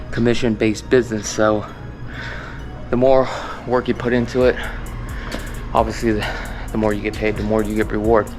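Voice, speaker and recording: A man, a real estate agent vlogging in a loose, rambling, motivational way. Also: mid-range voice. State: out of breath while walking. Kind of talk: casual vlog talk to camera.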